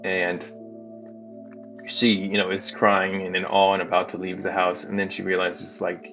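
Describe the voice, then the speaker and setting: A man with a deep, fairly flat voice gives a casual recap of a comic book story, talking loosely and leaning on fillers. His voice comes through dull and lo-fi. Music plays clearly underneath him. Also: measured pace. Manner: loose and chatty, heavy on fillers. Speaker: channel host. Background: background music.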